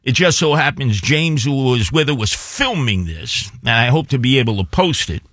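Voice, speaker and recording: A man's voice: medium pitch, big pitch swings, moderate pace, a bit bright, dry recording, studio quality. A man on a talk show, telling a story in a rambling, emphatic way with asides.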